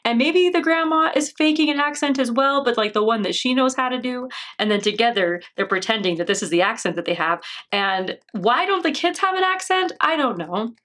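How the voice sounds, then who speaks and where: A woman's voice: sits high, fairly bright tone. An American woman hosting a reaction video, rambling and laughing often, with a sarcastic edge. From United States. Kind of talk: casual commentary.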